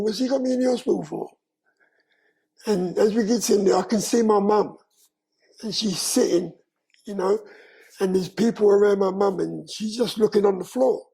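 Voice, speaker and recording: An older man, slowly and earnestly telling his life story in an interview, with frequent "you know". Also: high voice, vocal fry, dark tone, poor audio. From London, England. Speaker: guest.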